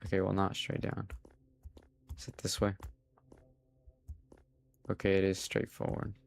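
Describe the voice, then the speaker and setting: A man's voice: sits low, monotone, unhurried, creaky, a little hiss or hum. A man streaming a game live, reading its text aloud and chatting to his viewers. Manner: reads game text aloud, talks to chat. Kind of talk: live gameplay commentary.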